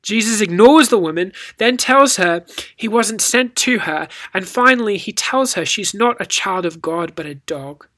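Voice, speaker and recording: A Bible teacher gives a scripted devotional talk at a medium pitch and moderate pace. The delivery is storytelling and rhetorical, with scripture passages read using expressive inflection.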